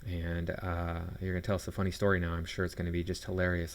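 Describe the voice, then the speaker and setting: A man with a deep voice reacts to a video clip. He sounds sarcastic and scornful throughout. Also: completely flat delivery, quick pace. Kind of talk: reaction commentary.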